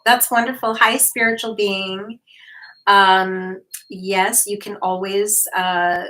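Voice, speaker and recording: Reading viewers' comments aloud and addressing them directly, this woman hosts a casual livestream; she's also a hypnotherapist. Her medium-pitched voice is bright and clear, and her slow, relaxed flow is full of pauses, fillers, and restarts.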